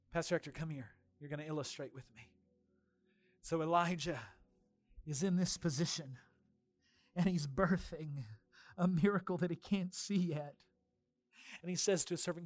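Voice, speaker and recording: A man preaching a sermon as pastor, swinging between fervent shouted declarations and quiet storytelling. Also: a little high, a little slow, pauses often, no echo.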